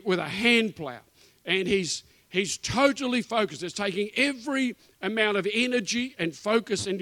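High-voiced emphatic New preacher. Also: male voice, fairly bright tone, no echo. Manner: emphatic, repetitive preaching cadence with asides. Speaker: guest preacher. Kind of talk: sermon. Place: church.

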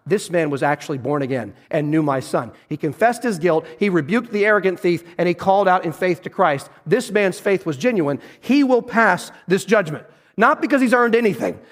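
High-voiced man preaching in a hall. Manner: earnest preaching with repeated restarts. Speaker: pastor. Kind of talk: sermon.

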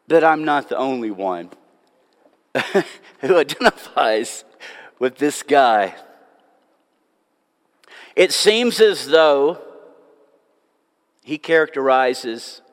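A man, a pastor, preaching a sermon, telling self-mocking stories and then dropping to hushed, drawn-out words. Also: mid-range voice. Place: church sanctuary. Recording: long hall reverb.

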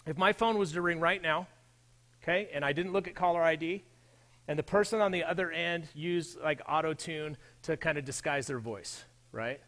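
Male pastor, relaxed sermon delivery, speaks straight to the congregation, pitch a touch high. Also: normal speed. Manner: conversational, addresses the audience directly.

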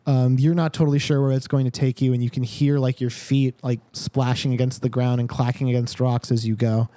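A man's voice: mid-range voice, level tone, fairly quick, dark tone, dry recording. A man narrating a tabletop game as dungeon master, laid-back and casually swearing.

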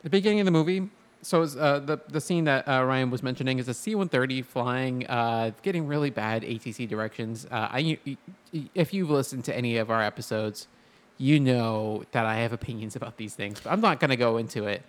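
A man co-hosting a casual podcast, rambling through a movie review with frequent laughs and restarts. His voice sits at a middle pitch, and he talks in a loose, offhand way. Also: a little fast. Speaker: podcast co-host.

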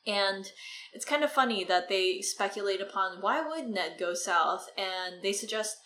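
A woman's voice: medium pitch, lively intonation, measured pace, fairly bright tone. A woman co-hosting a casual book discussion, retelling the story in a chatty way full of "like" and "right". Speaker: podcast co-host. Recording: echoey room with faint noise.

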